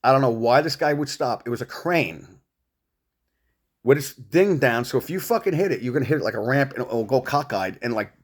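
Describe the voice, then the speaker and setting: A man's voice: mid-range voice, expressive, a little fast. A middle-aged man rambling at home, swearing and confronting an absent rival in a long monologue. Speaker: vlogger.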